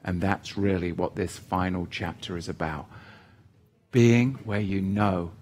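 A man preaching a sermon, animated and asking his congregation rhetorical questions, swinging between loud exhortation and hushed asides. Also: low voice, measured pace, a little hiss or hum.

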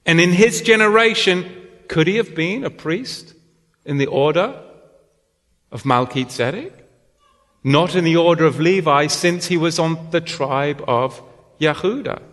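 A man's voice: a little high, measured pace, long pauses, fairly bright tone. A British man teaching scripture, posing rhetorical questions and then answering them. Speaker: Bible teacher. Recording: long hall reverb.

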